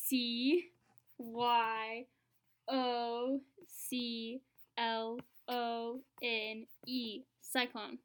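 A woman from Texas in a casual podcast chat, playful and unsure, spelling words out slowly. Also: on the high side, level tone, smooth. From Texas, USA. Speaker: podcast co-host spelling in the bee.

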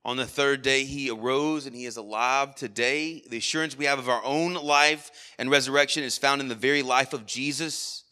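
A man's voice: mid-range voice, steady tone, normal speed, hardly any pauses, bright, forceful tone, clean tone. A man preaching a sermon at a church worship service, earnest, with frequent rhetorical asides. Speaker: pastor.

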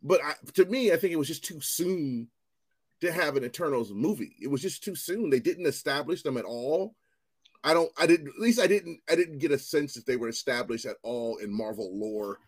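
A man co-hosting a podcast in casual chat, animated and profane, rambling with restarts. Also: fairly high pitch, moderate pace, breathy edge. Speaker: podcast co-host.

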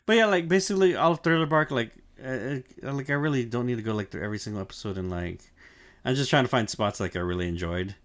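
A man's voice: mid-range voice, quick pace, dry recording. A young man chatting casually on a podcast, laid-back and full of "like" fillers, swearing and laughing as he recaps an anime. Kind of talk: casual chat.

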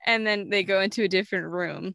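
A woman's voice: fairly low pitch, normal speed, fairly bright tone, clear, resonant tone, no room sound, studio quality. A young woman co-hosting a casual movie review, retelling scenes with lots of fillers and acted-out quotes. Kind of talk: casual chat.

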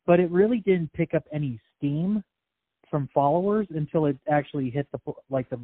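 A man's voice: fairly high pitch, a little fast, no echo. A man co-hosting a podcast, casually recounting game and film history in a hesitant way with many fillers. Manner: fact-listing, hesitant with fillers. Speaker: podcast co-host. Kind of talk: casual movie review chat. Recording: dry, tinny phone-like sound.

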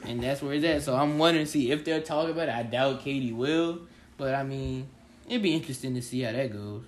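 A man's voice: mid-range voice, brisk, a little hiss or hum. Laid-back man in an echoey room. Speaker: podcast co-host. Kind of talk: casual sports chat.

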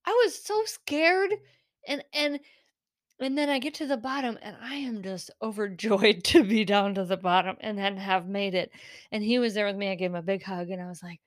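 A woman's voice: mid-range voice, fairly quick, fairly bright tone, no echo, studio quality. A middle-aged woman hosting a podcast, telling a personal story in an earnest, emotional way, laughing now and then. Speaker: podcast host.

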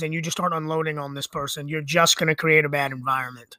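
A man's voice: on the high side, steady tone, fast, bright, forceful tone, no echo, studio quality. A middle-aged man hosting a podcast, talking in a rambling, conversational monologue full of fillers and restarts. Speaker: podcast host. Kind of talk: casual monologue.

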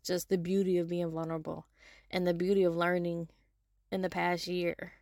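A woman hosting a solo podcast, talking in an animated, casual way with some swearing, swinging from loud to soft. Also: fairly low pitch, normal speed, no room sound, studio quality. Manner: casual, with profanity and y'all. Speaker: podcast host. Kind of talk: solo motivational podcast monologue.

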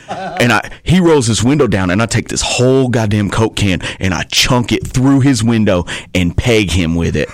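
A man's voice: mid-range voice, wildly swooping pitch, a little slow. A man telling rambling, profane stories as a wrestler guest on a podcast. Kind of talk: casual podcast storytelling.

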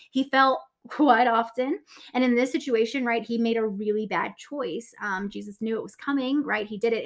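Young woman teaching the Bible casually, high-ish voice, keeps checking in with "right?". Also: fairly bright tone. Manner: chatty, filler-heavy, asks "right?" often; acts out quotes in a lower voice.

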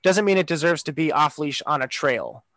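A man's voice: fairly high pitch, lively intonation, moderate pace, sharp tone. A man co-hosting a casual chat, ranting with lots of swearing and fillers.

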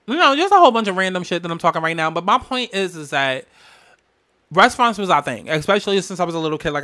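A man hosting a solo podcast, telling family memories in a candid, emotional way with lots of profanity and animated bursts. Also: on the high side. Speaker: podcast host.

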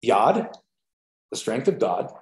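A man preaching an informal sermon, telling stories in an animated way with lots of fillers. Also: medium pitch, takes it slowly, background noise. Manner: animated storytelling with many fillers. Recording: roomy echo.

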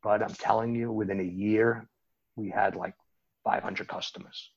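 A man with a very husky, gravelly voice tells a long story in a relaxed, rambling way, circling back and restarting his sentences. The recording is a little dull and lo-fi. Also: on the low side, moderate pace. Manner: rambling, with frequent restarts and asides. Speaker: interview guest recounting his bookmaking days. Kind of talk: casual storytelling.

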